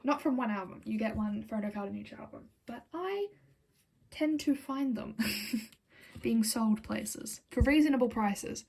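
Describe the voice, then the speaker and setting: Chatty giggly young woman, higher voice. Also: measured pace, gravelly, darkish tone, breathy edge, poor audio. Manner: chatty and giggly, drops into whispered asides; apologetic, rambling. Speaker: vlogger reviewing album collection. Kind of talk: casual chat to camera.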